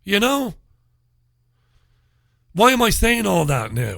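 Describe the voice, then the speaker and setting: A man's voice: sits high, big pitch swings, normal speed, gravelly, long pauses, a bit bright, no echo. A middle-aged Irish man hosting his own radio show, delivering sarcastic, ranting commentary full of mock questions into a studio mic. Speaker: radio host. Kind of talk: solo talk radio commentary.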